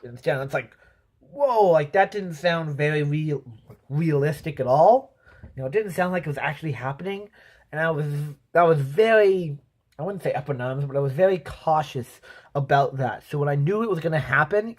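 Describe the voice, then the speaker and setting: Rambling young-sounding man reviewing a movie. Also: on the high side. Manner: rambling, full of "um" and "you know"; voices sound effects and quotes while telling.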